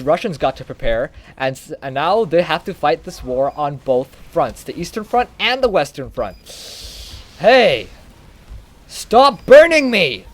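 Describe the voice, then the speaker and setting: A young man chats through a history lesson while he plays an online game. His slightly high voice jumps about lively in pitch. He rambles, trips over words and backtracks often. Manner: rambling, animated, self-correcting. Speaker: gaming YouTuber. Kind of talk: casual history explainer over gameplay.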